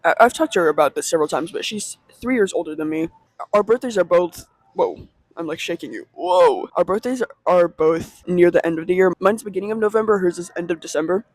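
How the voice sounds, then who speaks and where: A man's voice: high-pitched, a little fast, dry recording. A young man in his late teens rambling through a casual vlog monologue while out in a market, with chatty, self-aware asides. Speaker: vlogger.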